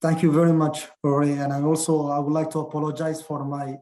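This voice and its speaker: A man from Djibouti speaks English with a French accent, pausing and restarting his phrases. His voice sounds dark and mellow. It comes through a video call in an echoey room. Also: fairly high pitch, little pitch movement. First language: not English. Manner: halting, many restarts and fillers. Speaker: military officer giving a talk. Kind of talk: casual Q&A answer on a video call.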